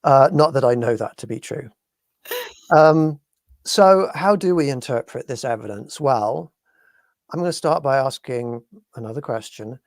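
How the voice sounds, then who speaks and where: A man from the UK co-hosting a live paranormal talk show, speaking in a measured, hesitant way as he searches for words. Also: medium pitch, no room sound, clean studio sound. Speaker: podcast co-host.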